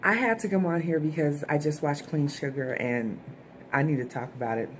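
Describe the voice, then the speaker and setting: A TV show reviewer talks her viewers through an episode recap in a relaxed, chatty way, frequently tossing in "okay?" to check in. She speaks at a normal speed in a low-sitting voice, and a slight hiss or hum is audible.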